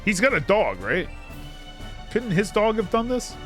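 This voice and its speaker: A man's voice: high-pitched, huge pitch swings, unhurried, a bit bright, soft background music. A man streaming a video game, commenting casually with joking, sarcastic asides.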